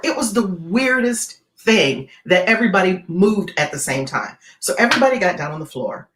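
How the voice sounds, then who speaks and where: A woman tells a gripping story in an interview, her pitch swinging widely as she builds tension. She keeps tossing in "right?" to pull the listener along, and her voice carries a roomy echo. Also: a little fast, hardly any pauses, noisy background. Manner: animated, keeps checking in with "right?". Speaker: guest keynote speaker.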